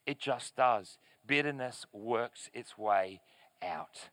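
A pastor preaching a sermon in church, reading scripture aloud and explaining it in an earnest, emphatic way with deliberate pauses. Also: male voice, mid-range voice, a bit bright, no room sound. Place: church service in front of a screen.

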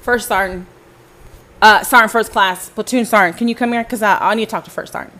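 A woman's voice: mid-range voice, steady tone, brisk, sharp tone. A woman from the States, telling her own story in an angry, profane monologue and often speaking straight to her listeners. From Southern United States. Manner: profane, confrontational, addresses listeners directly.

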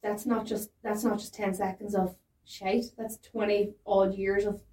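A woman in her twenties, a stand-up comedian, chatting casually and animatedly with lots of swearing. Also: medium pitch. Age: 20s. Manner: animated, swearing, quick storytelling. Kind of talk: casual podcast chat. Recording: roomy sound, distant mic.

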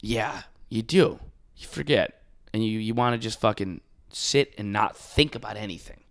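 A man's voice: on the low side, normal speed, vocal fry. A man chatting on a casual comedy podcast, swearing freely, laughing and mimicking people as he riffs. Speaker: podcast co-host.

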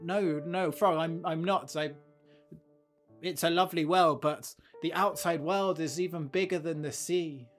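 A man's voice: a little high, fairly even intonation, a little slow, faint music behind, pitched above the performer's own voice, natural voice. A man voicing a polite, apologetic male sea turtle who hesitates and stammers as he speaks.

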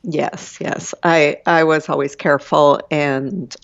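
Older woman guest, soft and hesitant, muffled dry recording. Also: sits low, fairly even intonation, takes it slowly, vocal fry, dry recording. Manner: soft-spoken, hesitant, laughs often. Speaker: guest, the host's mother. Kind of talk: casual chat. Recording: dull lo-fi sound.

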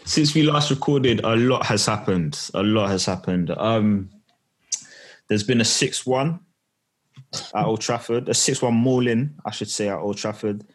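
Male podcast host, lower voice, relaxed banter with the lads. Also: breathy edge. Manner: relaxed, bantering, drawn-out repeats. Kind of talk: casual football podcast chat.

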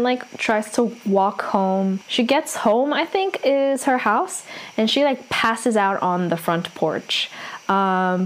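A woman's voice: medium pitch, poor audio. Chatty young woman recapping a story. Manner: chatty, fills every pause with "like" and "um". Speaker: drama recapper.

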